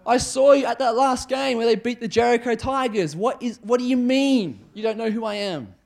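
A preacher voicing an indignant townsman who insists he is an old friend, pleading with rapid, incredulous questions. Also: very high voice, gravelly, a little mellow, voice pushed up.

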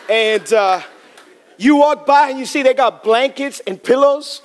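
A man preaching to a congregation as pastor, telling funny stories in an animated way. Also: very high voice, unhurried, a faint crowd, slight background noise. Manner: humorous, animated storytelling to a congregation. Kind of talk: sermon. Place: church in front of a congregation.

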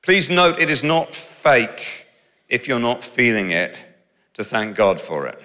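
A middle-aged man preaching in a large hall, his bright, forceful voice ringing out with a long reverb. He talks in a lively, conversational way and slips in humorous asides between his points. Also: mid-range voice, slow. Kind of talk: sermon.

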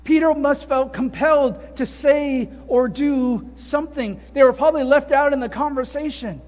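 High-voiced preacher in an echoing hall. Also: male voice, normal speed. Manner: animated storytelling with rhetorical questions. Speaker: pastor. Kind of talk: sermon.

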